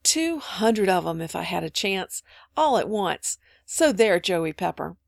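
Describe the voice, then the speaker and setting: A woman voicing a lively, warm-hearted eldest girl who talks in quick exclamations in a storybook reading. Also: fairly high pitch, gravelly, no echo, studio quality, voice pushed up. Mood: headstrong.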